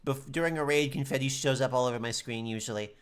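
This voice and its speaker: A woman's voice: extremely low pitch, fast, background noise. A woman streaming a video game, chatty and self-deprecating, reading story lines aloud and talking with her chat. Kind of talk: casual gaming livestream, reading lines aloud. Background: game music.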